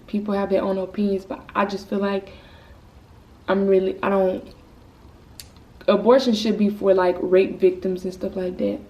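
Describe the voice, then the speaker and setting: A woman's voice: medium pitch, warm tone. A teenage girl, a vlogger, telling a personal story in a casual, rambling, candid way. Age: teens. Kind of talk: storytime vlog. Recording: slightly distant mic with faint noise.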